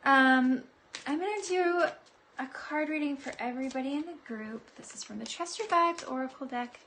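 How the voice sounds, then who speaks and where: A woman's voice: sits high, normal speed, fairly bright tone, slight background noise. A woman psychic giving a live-streamed oracle card reading, bubbly and giggly in a chatty way. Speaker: psychic reader.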